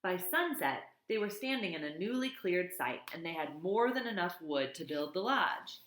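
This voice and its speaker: A woman's voice: fairly low pitch, animated, moderate pace, a bit bright, roomy sound, low-quality recording. A woman reading a children's novel aloud, in a plain read-aloud manner with small slips and self-corrections. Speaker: reader.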